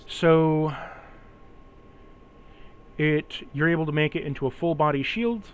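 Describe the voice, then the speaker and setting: A man's voice: a little high, a little slow, smooth. A man acting as game master, explaining the rules of a tabletop role-playing game patiently and step by step.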